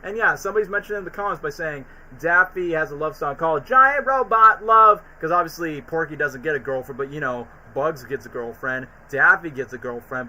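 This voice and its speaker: A man's voice: medium pitch, bright, forceful tone, a little hiss or hum, poor audio. A man in casual chat on a stream, recapping cartoon episodes in a rambling way with lots of fillers.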